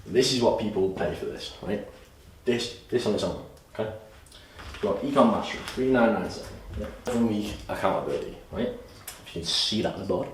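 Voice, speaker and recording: A man giving an energetic, salesy course pitch at a whiteboard, often repeating himself. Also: a little fast. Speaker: course presenter. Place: room with a whiteboard. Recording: echoey room, distant mic, faint hiss.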